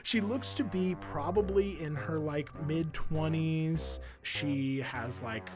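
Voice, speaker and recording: A man's voice: on the high side, slow, music in the background. A man running a tabletop game, describing scenes casually with many fillers. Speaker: game master.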